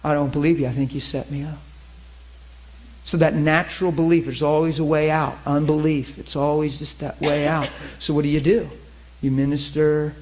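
A man preaching a sermon, telling a story with lively acted-out quotes. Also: mid-range voice, a little hiss or hum. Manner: animated, acts out quoted voices. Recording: muffled lo-fi sermon recording.

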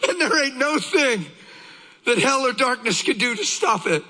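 Male preacher, very high bright voice, husky, impassioned sermon, long hall reverb. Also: expressive. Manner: impassioned, often shouting, drops low and slow.

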